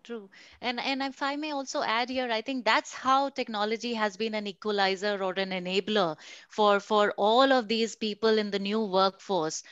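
Higher-voiced woman, dry lo-fi sound. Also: fairly bright tone, no room sound. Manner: agreeable, chimes in to add a point. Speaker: moderator. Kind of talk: webinar panel discussion.

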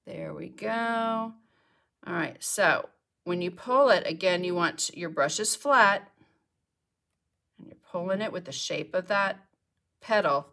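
A middle-aged woman with a fairly low, gravelly, yet fairly bright voice leads a live painting tutorial in her home studio. She speaks slowly and pauses often, chatting and talking to herself as she works.

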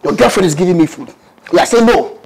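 A man playing a boastful, greedy self-styled pastor who shouts and babbles mock tongues in a comedy sketch. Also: high voice, animated, fast talker, vocal fry, crowd noise. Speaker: comic pastor. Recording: noisy skit recording.

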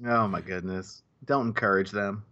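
A man's voice: on the low side, steady tone, moderate pace, bright, forceful tone, muffled recording. A man in casual podcast chat, rambling with many restarts and repeated words. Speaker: podcast co-host.

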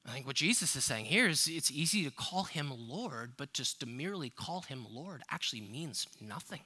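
A man's voice: on the high side, lively intonation, moderate pace, bright, forceful tone, breathy edge. A man preaching a sermon as a pastor, emphatic and conversational, asking the congregation rhetorical questions. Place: church sanctuary.

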